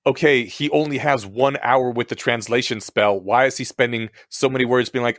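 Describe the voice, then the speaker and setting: A man co-hosting a podcast, chatting casually and relaxed, often agreeing briefly. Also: mid-range voice, fairly quick, few pauses, no echo, clean studio sound. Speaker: podcast co-host. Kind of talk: casual chat.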